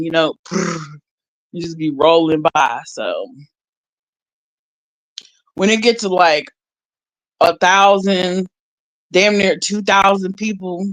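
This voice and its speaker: A woman's voice: on the low side, a bit bright, no echo, low-quality recording. A woman chatting casually on a livestream, rambling and laughing as she reads her viewers' chat aloud.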